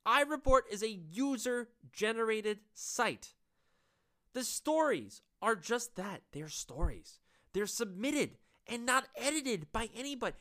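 Woman, solo commentator, sarcastic and exasperated, animated pitch. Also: unhurried. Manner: sarcastic, exasperated, laughs at own jokes. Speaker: political commentator.

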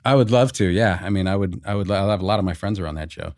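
A middle-aged man as a podcast guest, telling stories in an animated way, swearing casually, with frequent restarts. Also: deep voice, fast, no echo, clean studio sound. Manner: animated storyteller, swears, acts out quotes.

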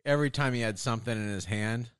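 A man's voice: medium pitch, fast, smooth, no room sound. A man as a guest in a casual comedic chat, dry and teasing. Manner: dry, teasing, does joke voices.

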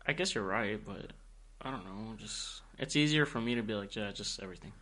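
A young man co-hosting a podcast, talking casually in a crude, animated, mock-accusing way. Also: on the low side, fairly quick. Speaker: podcast co-host. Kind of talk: casual chat.

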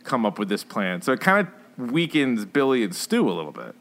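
A man's voice: medium pitch, very animated, brisk, fairly bright tone. Man, podcast co-host, casual film chat, rambling, filler-heavy. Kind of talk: casual chat reviewing films.

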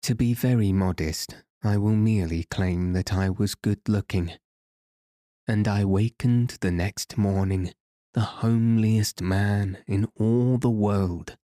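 A man voicing a gloomy enchanted man in a storybook, with a hollow, sad, wailing manner and a low voice. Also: slow, dark tone, no echo, studio quality.

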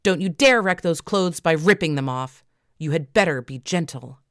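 A woman's voice: low voice, quick pace, no room sound, clean studio sound, lightly acted. A woman voicing a stern young woman who curtly warns and orders others, in an audiobook. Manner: curt, warning. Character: stern young woman, bossy sorority enforcer. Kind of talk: audiobook character voice.

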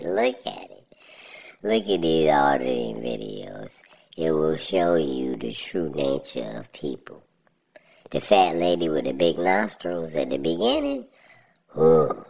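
A woman's voice: gravelly, a little mellow, breathy edge, muffled recording. A woman giving a rambling, slangy commentary on a video she is watching, laughing often. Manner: rambling, slangy, laughs often, voice jumps high when ranting. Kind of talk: casual reaction commentary.

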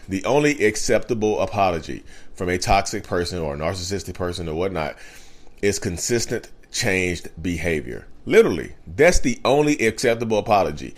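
Casual vlog host, male, lowish voice, emphatic and repetitive, stretches words out. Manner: emphatic, repeats key phrases, drawls words slowly. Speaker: YouTube host on narcissism. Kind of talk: casual talking-to-camera monologue.

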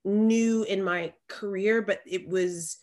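A woman from Alabama with a Southern accent, co-hosting a podcast in animated, emphatic casual chat. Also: mid-range voice, slow pace. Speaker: podcast co-host.

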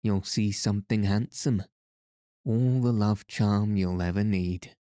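A jovial old Irish peddler with a sly, teasing brogue, as a man puts him on. He has a mellow voice and takes his time, unhurried and unforced, in a dry, close recording of a storybook reading. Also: on the low side, dry recording.

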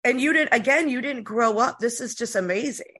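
Bright-voiced excitable East Coast woman. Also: fairly high pitch, a little fast, breathy edge. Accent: East Coast American. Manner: excitable, rambling. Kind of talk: casual podcast chat.

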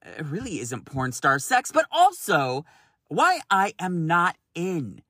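Man, 30s, podcast host, solo monologue, very expressive pitch, slow drawn-out pace, exasperated, swears a lot, laughs often. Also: no echo, clean studio sound.

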